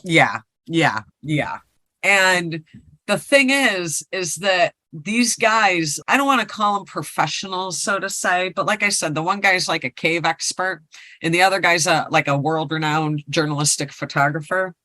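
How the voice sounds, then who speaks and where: A woman's voice: lowish voice, a little slow, pushed and bright, dry recording. A woman co-hosting a podcast, casually retelling a ghost story and rambling with lots of fillers. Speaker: podcast co-host.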